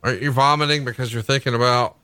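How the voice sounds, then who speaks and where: A male podcast co-host with a bright, forceful tone and a brash, joking delivery. He reads his sponsor copy like a wisecrack, with faint music under him. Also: mid-range voice, fairly even intonation, fast talker, clean tone, no room sound. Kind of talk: casual podcast chat with a read ad.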